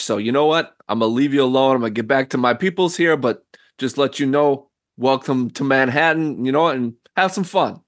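A man voicing a smooth-talking male casino owner who glad-hands a newcomer with a slick, overly friendly manner. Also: medium pitch, voice pushed up, close to an everyday voice.

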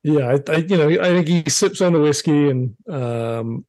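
A man with a New York accent playing a tabletop role-playing game, talking in a hesitant, halting way. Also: fairly high pitch, lively intonation, a little mellow, dry recording, studio quality. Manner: hesitant, halting, lots of restarts. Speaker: player.

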